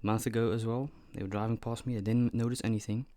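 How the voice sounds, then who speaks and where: Low-voiced eighteen-year-old guy vlogging. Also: little pitch movement, fast, dark tone. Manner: loose, profane, chatty retelling. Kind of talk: casual storytelling vlog.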